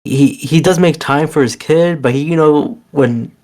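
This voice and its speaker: A man's voice: a little high, measured pace, a little mellow. A man co-hosting a podcast, casually chatting about a film and mostly agreeing with the other host. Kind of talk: casual movie review chat.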